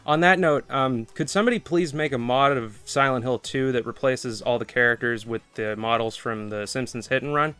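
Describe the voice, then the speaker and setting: A man's voice: medium pitch, a bit bright, clear, resonant tone. A man delivering scripted comedic video game commentary, sarcastic and prone to swearing rants. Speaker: gaming video host.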